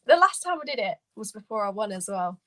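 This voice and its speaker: A woman's voice: medium pitch, sing-song, quick pace. A woman who is a guest on a podcast, chatting casually and laughing self-consciously. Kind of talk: casual chat.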